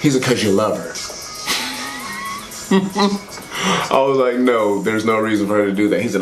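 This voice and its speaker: Low-voiced man telling a crude stand-up story. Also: expressive, unhurried, pauses often, reverberant, soft background music. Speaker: stand-up comedian.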